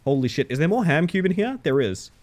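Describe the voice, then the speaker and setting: A man streaming a game live, chatting casually with his viewers in a playful, animated way and swearing freely. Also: fairly high pitch, fast talker. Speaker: livestreamer. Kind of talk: casual chat while gaming live.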